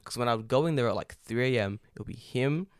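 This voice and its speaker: A man's voice: mid-range voice, quick pace, clean tone, no echo, studio quality. A man co-hosting a podcast in casual chat, telling stories animatedly and swearing freely. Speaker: podcast co-host. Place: Japan.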